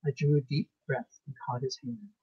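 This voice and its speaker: Husky man reading a ghost story. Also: medium pitch, expressive, no room sound. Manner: measured, suspenseful delivery with pauses. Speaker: author reading his story. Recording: muffled lo-fi recording.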